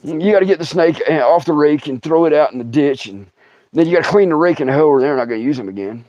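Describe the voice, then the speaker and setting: A middle-aged man spins casual stories, his pitch leaping all over as he laughs and acts out other people's voices. His voice sits a little high for a man. The sound is dry and a bit dull. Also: expressive, quick pace, dark tone, no room sound. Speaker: livestream host telling stories. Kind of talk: casual storytelling.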